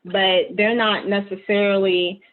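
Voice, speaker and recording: A woman hosting a community interview, asking her questions slowly with frequent "um"s. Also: mid-range voice, level tone. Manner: measured questions with many fillers. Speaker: host, interviewer. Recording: tinny phone-like line.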